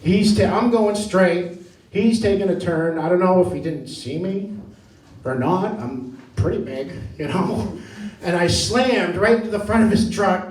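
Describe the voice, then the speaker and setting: A man's voice: high-pitched, measured pace, a little mellow. A man from Maine doing a stand-up comedy set on a club stage, rambling and self-deprecating as he tells his stories. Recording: echoey room from a distance. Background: audience laughter.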